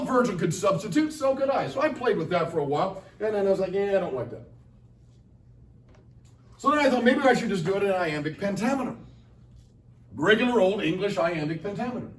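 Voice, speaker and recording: A man's voice: sits high, big pitch swings, a little fast. A middle-aged man, a Latin teacher and translator, gives a chatty lecture to students and quizzes the audience. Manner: chatty and playful, asks the audience questions. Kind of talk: lively classroom-style lecture to students. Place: large lecture room at a convention. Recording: echoey room, voice from far off.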